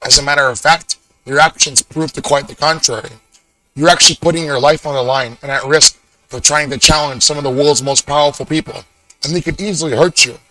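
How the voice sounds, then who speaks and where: Young man, twenties, emotional rambling vlog monologue, bright edgy tone. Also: fairly high pitch, steady tone, brisk, soft background music, poor audio. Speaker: vlogger. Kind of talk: casual monologue to camera.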